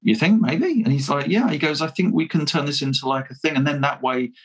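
A man's voice: on the high side, fast talker, poor audio. A man telling a story in a casual interview, chatty and self-deprecating, laughing often and restarting his sentences. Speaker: fan filmmaker guest.

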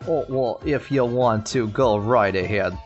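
A man's voice: medium pitch, unhurried, muffled recording, soft background music. A man co-hosting a podcast in casual chat, joking around and laughing often. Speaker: podcast co-host.

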